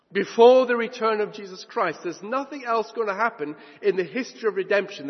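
A man delivering a sermon in a fairly high, husky voice, his pitch climbing and dropping widely as he drives home each point. He swings from loud declarations to hushed asides. The recording is dull and carries the long reverb of a church hall. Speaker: preacher.

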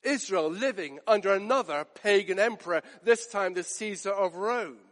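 A man's voice: sits high, normal speed, fairly bright tone. A man preaching a sermon to his congregation in an earnest way, repeating phrases for emphasis. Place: church. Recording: long church reverb.

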